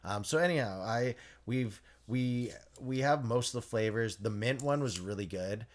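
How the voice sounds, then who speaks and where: A man co-hosting a podcast in casual chat, rambling and correcting himself as he goes, quick to laugh. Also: mid-range voice. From Canada. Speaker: podcast co-host.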